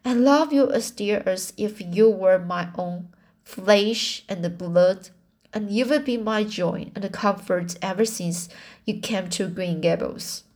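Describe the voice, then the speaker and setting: A woman reading aloud and voicing a stern older woman softened by grief, speaking plainly and earnestly from a storybook. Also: mid-range voice, takes it slowly. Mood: tender.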